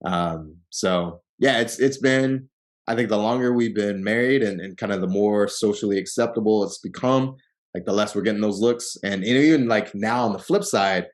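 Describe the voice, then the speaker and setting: A man from Seattle, a podcast guest, telling personal stories in a casual, relaxed way full of "like" and "um", acting out the people he quotes. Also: normal speed. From Seattle, Washington. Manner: relaxed storyteller who acts out quoted people with lively jumps in pitch; frequent fillers like "like" and "um". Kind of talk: casual storytelling interview.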